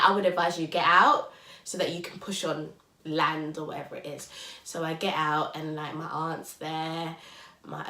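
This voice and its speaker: A young woman, casually telling a story on a podcast, acting out quotes and laughing. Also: sits low. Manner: animated, acts out quotes loudly and laughs. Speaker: podcast co-host. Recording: roomy echo.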